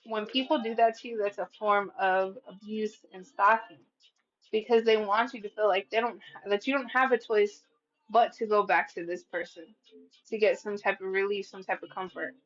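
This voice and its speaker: A woman's voice: medium pitch, steady tone, normal speed, a bit bright. A woman doing a casual tarot reading, blunt and profane, acting out what people say and laughing at her own readings. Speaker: tarot reader. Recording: slightly dull lo-fi sound.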